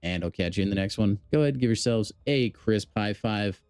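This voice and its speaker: A man's voice: fairly low pitch, a little fast, darkish tone, smooth, dry recording, clean studio sound. Upbeat man streaming a game. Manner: upbeat, chatty, jokey. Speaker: livestreamer. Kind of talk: casual gameplay commentary.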